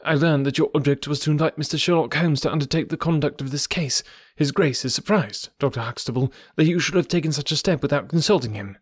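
A man's voice: a little high, quick pace, slightly rough, no echo, clean studio sound, pitched above the performer's own voice. A man playing a nervous, incisive young secretary. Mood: curtly reproachful. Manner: clipped, sharply assertive.

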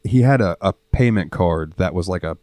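A young man with a Southern US accent, co-hosting a podcast and telling profane, animated stories from his job. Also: low-pitched, normal speed, dry recording. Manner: profane, animated storyteller acting out customers. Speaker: podcast co-host. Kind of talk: casual chat, storytelling.

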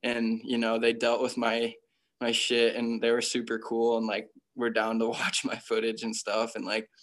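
A man's voice: mid-range voice, completely flat delivery, normal speed, fairly bright tone. A young man from Connecticut telling stories about his career in a casual interview, full of slang and filler words. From Connecticut, USA. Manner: laid-back slang, constant "like" fillers. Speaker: professional freeskier, interview guest.

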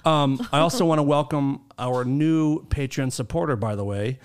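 A man's voice: medium pitch, moderate pace, background noise. Crude joking male podcast host. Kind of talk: casual podcast banter.

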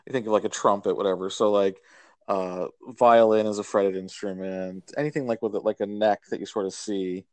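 Low-voiced man, rambling record chat. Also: fairly even intonation, normal speed, no echo. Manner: rambling, many fillers and restarts. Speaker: podcast co-host. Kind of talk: casual chat about records.

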